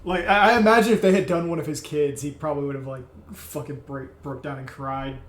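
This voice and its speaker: A man playing a character in a tabletop game, animated and sometimes shouting his character's lines. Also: a little high, fairly quick, roomy sound. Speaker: player.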